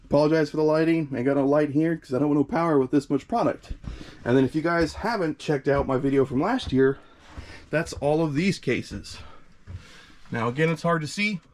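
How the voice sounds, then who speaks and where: The heat has a young Midwestern fireworks vlogger a little out of breath as he chats through his products outdoors near a storage shed, filling his talk with fillers. He speaks slightly fast in a high-leaning, somewhat mellow voice, over faint hiss or hum.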